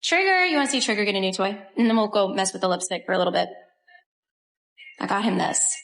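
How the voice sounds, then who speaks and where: A woman's voice: mid-range voice, sing-song, fast, a bit bright. A young woman chatting casually on a live stream at home, gushing over her dogs. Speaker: livestream host. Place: home, indoors.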